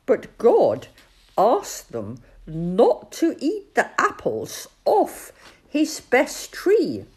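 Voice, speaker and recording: A woman voicing a timid, gentle male toad in a storybook, earnest and wondering. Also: fairly high pitch, huge pitch swings, drawn-out words, breathy edge, voice pushed up, heavily acted.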